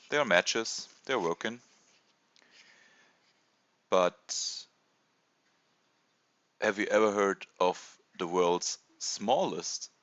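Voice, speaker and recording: A man in his thirties from Germany with a German accent, hesitantly presenting a casual toy review with many pauses and fillers. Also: sits low, fairly bright tone, no room sound, dull audio. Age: 30s. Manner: hesitant, many ums and uhs.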